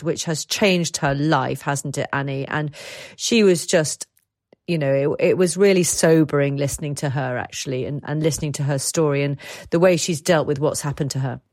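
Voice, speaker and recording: A woman in her forties co-hosting a podcast, friendly and brisk as she moves between topics. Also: deep voice, a little mellow, dry recording, clean studio sound. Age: 40s. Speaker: podcast co-host. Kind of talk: casual podcast chat.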